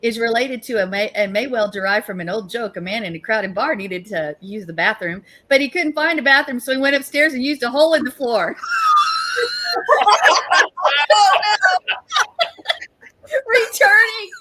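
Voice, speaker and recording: Woman cohost reading out stuff, giggly, high bright voice. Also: a little fast, hardly any pauses, slight background noise. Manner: giggly, reads aloud. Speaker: co-host. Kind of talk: casual studio chat.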